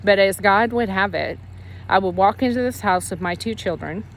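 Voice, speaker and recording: A woman's voice: mid-range voice, normal speed, a little hiss or hum. A woman sharing a personal faith testimony in casual, earnest storytelling, emotional and rambling with frequent restarts. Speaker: Christian ministry leader sharing her testimony.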